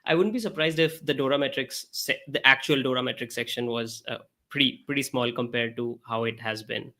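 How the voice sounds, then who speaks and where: A man's voice: medium pitch, a little fast, bright, forceful tone. A man co-hosting a casual interview who speaks hesitantly, with many filler sounds. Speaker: co-host.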